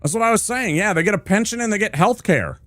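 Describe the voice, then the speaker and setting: A man's voice: sits high, animated, quick pace, pushed and bright, no echo. A male streamer ranting hard with heavy swearing while he plays a game. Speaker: gaming streamer.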